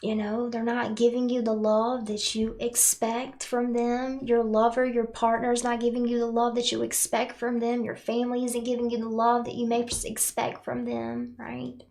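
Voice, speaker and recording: A woman with a voice pitched a little high. She talks earnestly to her viewers about spiritual matters, checking in with a "right?" after her points. She sounds emotional and close to tears. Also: completely flat delivery, normal speed, vocal fry, few pauses, darkish tone. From North Carolina, USA. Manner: earnest, tags lines with "right?", speaks of herself in third person. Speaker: spiritual channel host. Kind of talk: heartfelt spiritual talk to viewers.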